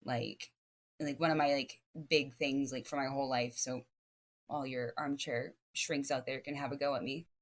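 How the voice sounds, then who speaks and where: A woman guest on a podcast, telling stories in a lively, rambling way full of restarts and fillers. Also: a bass voice, normal speed. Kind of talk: casual podcast chat.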